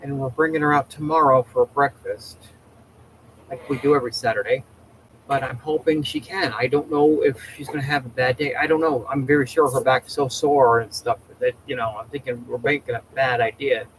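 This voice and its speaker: Casting: man, everyday mid pitch, casual livestream host, rambling chatter, faint noise behind. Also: steady tone, fairly quick, fairly bright tone, poor audio. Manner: rambling, chatty, many restarts.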